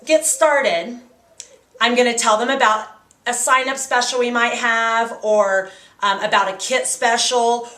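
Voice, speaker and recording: A woman's voice: a little high, fairly bright tone. A woman giving a casual, practical training talk to direct sales consultants, in a chatty coaching tone. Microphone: handheld camcorder. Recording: echoey room on a camcorder.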